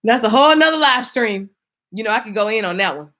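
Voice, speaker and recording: A woman's voice: a little high, expressive, quick pace, noisy background. A woman hosting a casual livestream, chatty and laughing, talking straight to her viewers. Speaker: livestream host selling an online course. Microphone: phone.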